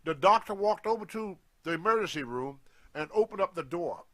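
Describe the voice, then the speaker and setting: A man's voice: high voice, brisk. An older man, telling a wrestling story casually and acting out the lines of the people in it. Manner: animated anecdote, acting out quoted lines. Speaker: guest storyteller on a wrestling show.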